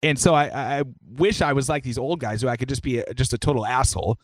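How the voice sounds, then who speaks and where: A man's voice: medium pitch, quick pace, no echo. A young man co-hosting a casual comedy podcast, telling profane, laid-back stories. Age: young adult. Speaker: podcast co-host.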